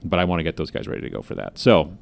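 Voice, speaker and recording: A man with a very deep voice talks casually as a podcast co-host. He rambles in loose, meandering sentences, full of ums and restarts, as he catches up from an office. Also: very animated, rapid-fire, gravelly. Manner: rambling, lots of fillers and restarts. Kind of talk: casual chat.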